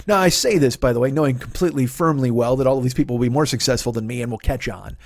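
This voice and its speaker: A podcast host in his forties delivers a comedic rant packed with swearing and mockery, putting on high, loud voices to imitate other people. He talks at a racing pace, and the studio-quality recording has no room sound.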